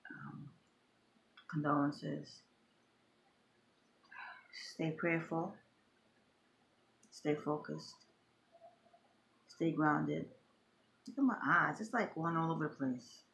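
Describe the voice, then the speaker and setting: A woman's voice: sits low, very slow, vocal fry, long pauses, a bit bright. A middle-aged woman vlogging emotionally, talking in an impassioned, repetitive, grieving way. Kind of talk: emotional personal vlog.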